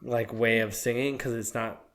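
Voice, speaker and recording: A young man co-hosts a podcast, chatting casually at a normal pace in a mid-range, fairly bright voice with fairly even intonation. He jokes and laughs often.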